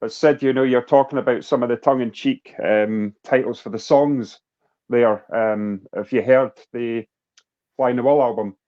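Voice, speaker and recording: A man's voice: mid-range voice, fairly even intonation, normal speed, mellow. Easygoing man, dull lo-fi. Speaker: podcast co-host. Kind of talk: casual chat. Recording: dull lo-fi sound.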